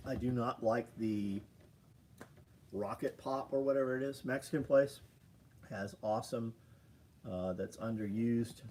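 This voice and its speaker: A man hosts a casual livestream, reading viewer comments and ranting. His speech is blunt and profane, at an ordinary mid pitch. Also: unhurried, pauses often, a little mellow, slight background noise. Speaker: livestream host.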